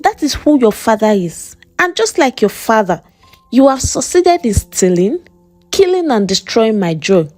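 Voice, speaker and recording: A woman puts on a stern Nigerian church mother, a widow who lectures her daughter with mocking sarcasm and preacher-like verses. Her voice sits high and swings widely, slow and deliberate in a dry, close storybook narration. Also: sing-song, a little mellow, no room sound, faint music behind. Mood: preachy scolding. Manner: mocking, sermon-like scolding.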